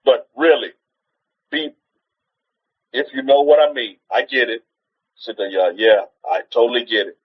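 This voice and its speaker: A man's voice: mid-range voice, sing-song, moderate pace, long pauses, slightly rough, lo-fi sound. A man preaching in an informal teaching style on a livestream, exhorting his listeners, repeating rhetorical questions and often restarting his sentences.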